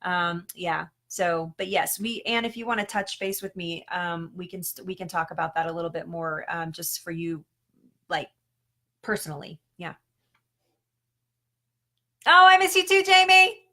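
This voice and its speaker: A woman's voice: on the low side, steady tone, moderate pace, a bit bright. A woman health coach chatting casually on a live stream, answering questions with lots of ums and restarts and frequent laughs.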